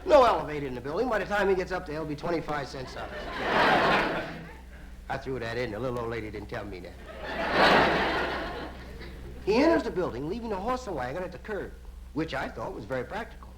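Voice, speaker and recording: Male stand-up storyteller; playful, animated, fairly high, vinyl hiss. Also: fast. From United States. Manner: lively, playful storytelling with sudden voice jumps. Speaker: stand-up comedian. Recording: hissy vinyl record of a live show.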